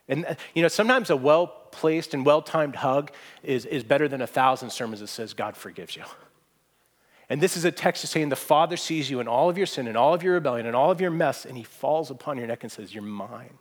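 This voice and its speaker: A man preaching a sermon to a room, earnest and emphatic, climbing to strong peaks and dropping to soft, hushed asides. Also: mid-range voice. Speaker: pastor. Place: church hall with audience.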